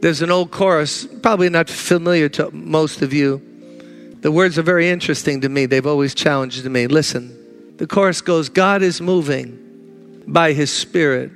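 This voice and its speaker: A man preaching a sermon with deep emotion, moving between urgent, rising declarations and low, hushed passages. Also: moderate pace, faint music behind. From United States. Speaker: pastor.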